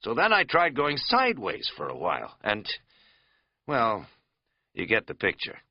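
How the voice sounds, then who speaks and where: A man's voice: medium pitch, huge pitch swings, measured pace, no echo, lo-fi sound, exaggerated voice. A man voicing a rambling, folksy middle-aged American man who talks in a chatty, self-mocking drawl.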